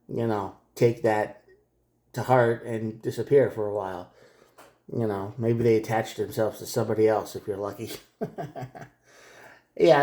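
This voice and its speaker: A man's voice: mid-range voice, dark tone. A man giving a casual tarot reading straight to the viewer, rambling, repeating his words and chuckling often. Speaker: tarot reader.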